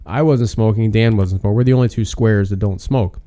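A man casually recounting a wild night to friends, rambling and animated, with plenty of filler words. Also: on the low side, fairly quick. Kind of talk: casual storytelling chat.

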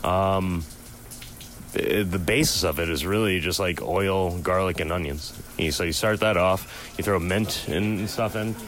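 A man's voice: low voice, unhurried, fairly bright tone, slight background noise. A man being interviewed about cooking, explaining hesitantly with many fillers. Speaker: cook interviewed. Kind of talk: casual interview.

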